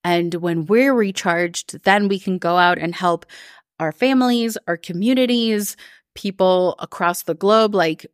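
A woman with a slightly low voice talks to her listeners in a loose, chatty way. She fills her sentences with "like" and coaches them toward what they want. The sound is dry and close, with no room around it. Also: clean tone, no echo. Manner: chatty, lots of "like", quick put-on voices for others. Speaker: coach and podcast host. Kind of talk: casual live-recorded talk.

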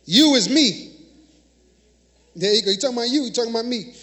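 A man's voice: very high voice, expressive, fairly quick, long pauses, fairly bright tone. A man preaching a sermon in a church, conversational, leading call-and-response with frequent "y'all" and "right?" and laughing often. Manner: call-and-response preaching, asks congregation to repeat words. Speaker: minister. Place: church sanctuary.

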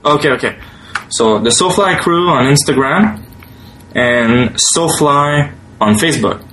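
A man's voice: medium pitch, a little slow, poor audio. French-accented man co-hosting a podcast. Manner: relaxed, hesitant, restarts often. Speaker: podcast co-host. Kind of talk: casual podcast chat. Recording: faint background noise.

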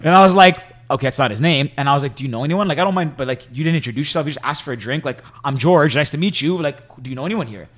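A man's voice: on the high side, rapid-fire, few pauses, a bit bright. A man co-hosting a podcast, chatting casually and quoting himself and others as he tells a story. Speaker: podcast co-host.

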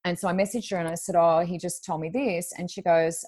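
A woman with a notably low voice, telling a story as a podcast guest. She rambles casually and packs her talk with fillers. Her tone is easygoing and conversational. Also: steady tone, a little fast, a little mellow. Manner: chatty, rambling, full of "like" and "um". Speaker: guest medium.

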